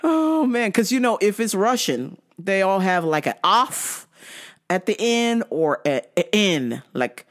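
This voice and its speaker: Comedy podcast host: man, unhurried, swinging pitch, swears a lot, cracks himself up. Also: big pitch swings, fairly bright tone. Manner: profane, laughing often, storytelling. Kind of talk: casual comedic monologue.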